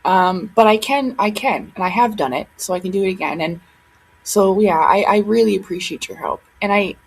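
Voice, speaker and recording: A woman's voice: medium pitch, moderate pace, vocal fry, slight background noise, poor audio. A young woman talking casually to her camera at home, rambling and emotional, with many fillers and restarts. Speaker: vlogger.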